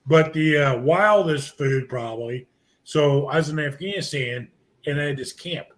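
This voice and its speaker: A man's voice: fairly high pitch, moderate pace. A middle-aged man, a guest on a barbecue podcast, telling long casual stories full of fillers and restarts. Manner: rambling anecdotes with many fillers and restarts. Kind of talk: casual storytelling chat.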